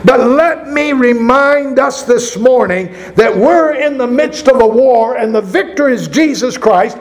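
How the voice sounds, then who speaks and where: A man's voice: very high voice, animated, a little slow, poor audio. A man pastor preaching a sermon, reading scripture aloud and asking the congregation rhetorical questions.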